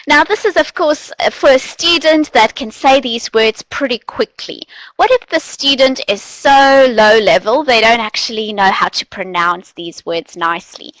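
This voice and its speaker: A woman giving an online teacher training, animated and demonstrative, often playing with her voice. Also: fairly high pitch, normal speed, no room sound, rough recording. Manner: animated, demonstrative, playful voice changes.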